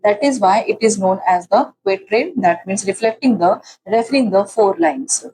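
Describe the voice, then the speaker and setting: A woman's voice: medium pitch, normal speed, warm tone, breathy edge, rough recording. A woman teaching literary terms in an exam-prep lecture, restating each definition several times with fillers and restarts. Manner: explains by repeating definitions.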